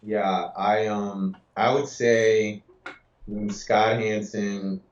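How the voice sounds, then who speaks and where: A man co-hosting a casual fantasy football podcast, talking in a relaxed, conversational way. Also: lowish voice, drawn-out words. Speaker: podcast co-host. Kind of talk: casual sports chat. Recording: echoey, dull lo-fi sound.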